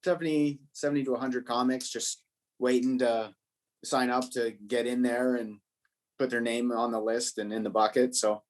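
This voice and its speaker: A man's voice: mid-range voice, little pitch movement, moderate pace. Young comedian guy rambling thru a story, swears a lot, medium voice. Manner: loose and profane, rambling storyteller. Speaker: stand-up comedian guest. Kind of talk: casual podcast chat.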